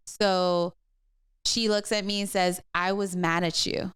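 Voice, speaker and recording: A woman's voice: on the low side, flat delivery, measured pace, fairly bright tone, smooth, no room sound, studio quality. A middle-aged woman, a pastor co-hosting a podcast, telling a personal story in casual chat with many fillers and restarts. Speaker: co-host pastor.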